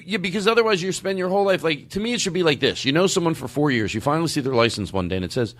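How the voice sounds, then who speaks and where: A man's voice: on the high side, racing, few pauses, no echo. A man hosting a comedy podcast in casual chat, telling rambling stories and acting out quotes. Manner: animated, rambling storytelling with acted-out quotes. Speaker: podcast host.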